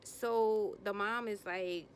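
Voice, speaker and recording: A woman's voice: slow, a little hiss or hum. A woman recapping a reality TV episode in blunt, slangy, sassy commentary, acting out people's lines as she goes. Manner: animated, acts out quotes in bursts of higher pitch.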